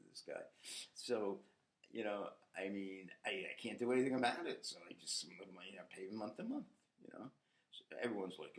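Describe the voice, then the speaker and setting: A man, hosting a rambling podcast monologue, ranting with profanity and frequent laughter. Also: on the low side. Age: 50s. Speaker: podcast host.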